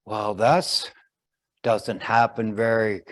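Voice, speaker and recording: A man's voice: lowish voice, flat delivery, takes it slowly, a bit bright, no room sound. A man voicing an evasive young wife in a spoken story, offhand and breezy.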